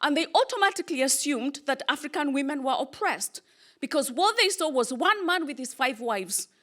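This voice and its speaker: Bright, lively woman doing stand-up. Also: high voice. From Kenya. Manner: punchy deadpan delivery, pauses for audience laughter. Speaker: stand-up comedian. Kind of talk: stand-up comedy set. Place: comedy club stage with live audience.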